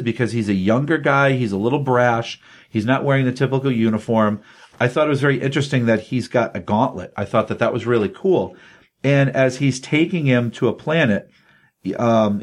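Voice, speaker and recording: A man co-hosting a comic book podcast, retelling a story with lively energy and acting out the characters' lines. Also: medium pitch, a little fast. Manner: animated retelling, acts out quotes. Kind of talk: casual comic review chat.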